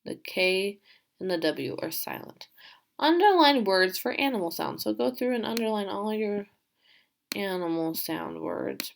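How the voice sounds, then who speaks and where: A woman teacher talks her pupils through a remote lesson at an easy, slow pace. Her pitch sits in the middle. She reads aloud with animation and keeps asking the class questions. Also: expressive, vocal fry, slight background noise.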